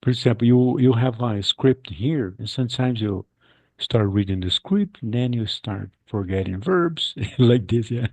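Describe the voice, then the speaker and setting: A man hosting a casual English practice chat on a video call, animated, repeating his words and acting out what people say. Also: mid-range voice, normal speed, dry recording.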